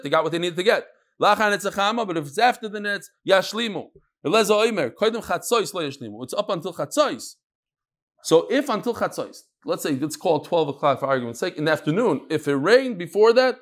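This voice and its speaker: A man teaching an informal Gemara class, telling stories and explaining with Hebrew and Yiddish terms. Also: high voice. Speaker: Talmud teacher.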